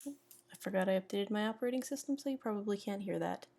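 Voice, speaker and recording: A young woman with a warm, gravelly, medium-pitched voice chats quickly on a live stream from home, rambling to herself as she fiddles with her settings. Faint music plays in the background.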